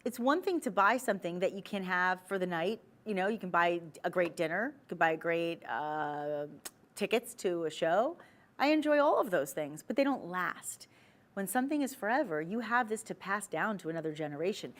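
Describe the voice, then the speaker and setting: A woman hosting a TV shopping channel, giving a chatty, persuasive sales pitch full of asides from a studio. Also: lively intonation, normal speed.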